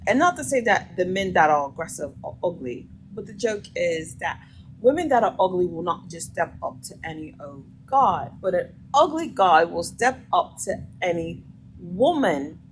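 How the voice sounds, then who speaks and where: A woman's voice: lowish voice, sing-song, moderate pace, a little hiss or hum, rough recording. A woman hosting a vlog, reacting to a clip with blunt, emphatic opinions in a casual way. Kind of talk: casual commentary.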